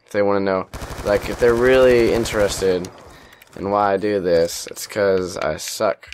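A man's voice: fairly low pitch, steady tone, measured pace, slight background noise. A young man giving casual gameplay commentary over a headset, rambling, self-deprecating and swearing often. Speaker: gaming commentator.

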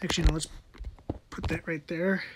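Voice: mid-range voice, little pitch movement, moderate pace, noisy background. A person giving casual gameplay commentary, muttering to themselves while building and swearing often.

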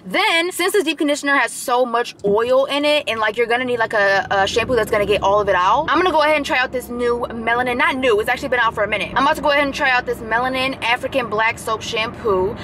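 Fast-talking young American woman, chatty. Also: a little high, fairly bright tone, slight background noise. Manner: chatty, rambling, lots of fillers, preachy asides. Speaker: vlogger. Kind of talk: casual vlog chat. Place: in a car, driving.

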